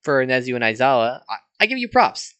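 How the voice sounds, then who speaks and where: A man's voice: medium pitch, very animated, a little fast, a bit bright, clear, resonant tone. A man chatting casually as co-storyteller, explaining the role-play.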